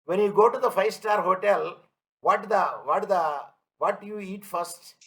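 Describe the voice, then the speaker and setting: A man's voice: sits high, normal speed, a bit bright, poor audio. A man teaching an online class, repeating his points and asking students if they follow. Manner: everyday analogies, emphatic. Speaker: lecturer.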